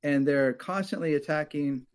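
A man in a casual football chat, animated and swearing as he thinks aloud. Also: a little high, moderate pace. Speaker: podcast panelist.

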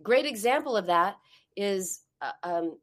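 A woman hosting a podcast, a parent who gives advice in a conversational way and tells stories with lively quoted voices. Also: medium pitch, a little slow. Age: adult, a parent. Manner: animated storytelling, acts out quoted voices. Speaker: podcast host.

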